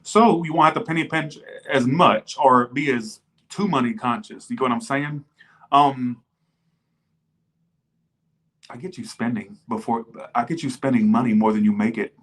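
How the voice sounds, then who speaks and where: A man's voice: medium pitch, normal speed, fairly bright tone. A man reading tarot for his viewers in a loose, chatty way. He is blunt and swears freely, and he keeps breaking into mock back-and-forths with imagined viewers. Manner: blunt, profane, jumps into mocking imagined viewers. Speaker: tarot reader. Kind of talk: casual tarot reading livestream.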